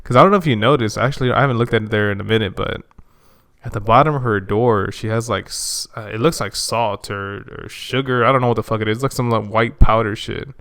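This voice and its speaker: A young man chatting as a podcast guest, telling a story in an animated way with lots of profane slang. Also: on the low side, quick pace, dry recording, clean studio sound. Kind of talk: casual chat.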